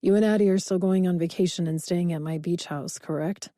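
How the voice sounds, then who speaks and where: A woman's voice: lowish voice, fairly even intonation, a little fast, warm tone, no room sound, studio quality, lightly acted. A woman voicing a wealthy, confident man who teases with an easy, self-assured manner, in an audiobook reading. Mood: affectionate.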